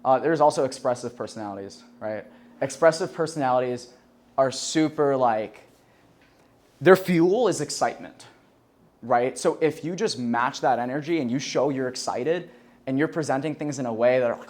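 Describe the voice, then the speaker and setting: Before a live classroom audience, a young man runs a sales class in a relaxed, chatty way, peppering his speech with "like" and "right?" and casual swearing. He laughs at his own jokes, speaking at a moderate pace in a mid-range, darkish voice.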